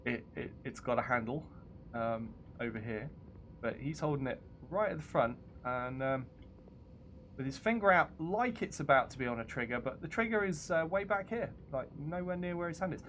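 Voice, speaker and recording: A man's voice: medium pitch, lively intonation, fairly bright tone, slight background noise. Giggly British man streaming a game. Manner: giggly, self-mocking, quick to laugh. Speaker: streamer host. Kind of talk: gameplay commentary.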